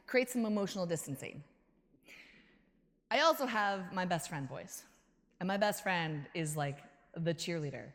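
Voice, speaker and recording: A woman giving a keynote talk and answering audience questions, energetic and quick to laugh, acting out her own inner voices. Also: on the low side. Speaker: keynote speaker. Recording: hall reverb.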